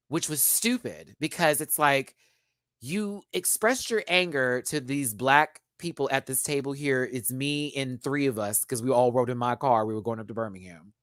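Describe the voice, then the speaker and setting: Male stream host, animated and chatty storyteller, close dry recording. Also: fairly high pitch, no room sound. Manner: animated, chatty, addresses viewers as y'all. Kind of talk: casual storytelling to a live chat.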